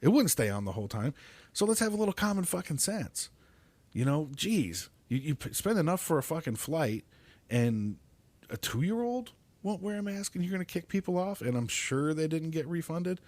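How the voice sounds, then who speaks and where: A man's voice: fairly high pitch, big pitch swings, normal speed, darkish tone, no echo. A middle-aged man hosting a podcast, ranting angrily and swearing constantly, sometimes tripping over his words. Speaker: podcast host. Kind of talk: profane ranting monologue.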